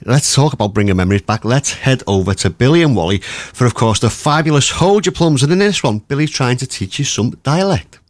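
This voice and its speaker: A man's voice: medium pitch, lively intonation, a little fast, a little hiss or hum. A man presenting a radio show, introducing records and clips in a chatty, upbeat way. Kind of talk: radio links between records.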